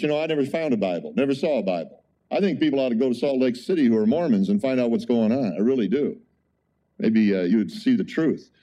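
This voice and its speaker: A man preaching a conversational sermon as a pastor, telling an animated story with frequent exclamations. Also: medium pitch.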